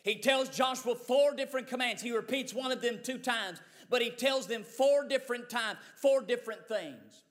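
A man's voice: extremely high pitch, normal speed, few pauses, a bit bright. A man preaching a sermon in a church, repeating phrases rhythmically and building to fervent Pentecostal intensity. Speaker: pastor. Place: church sanctuary. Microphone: mic run through a sound board.

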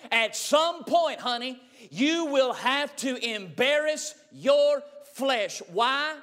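High, bright-voiced Southern-style preacher man. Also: lively intonation, slow, in a large hall. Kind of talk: sermon.

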